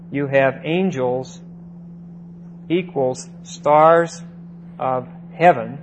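A man teaching the Bible verse by verse, deliberate, stressing single words and checking in with "see?" and "okay?". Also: medium pitch, a little hiss or hum, rough recording.

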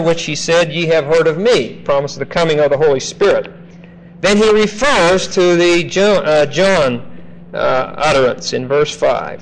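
A man teaching a classroom Bible lecture, slow and emphatic, often checking in with "okay?". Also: on the high side, slight background noise, low-quality recording.

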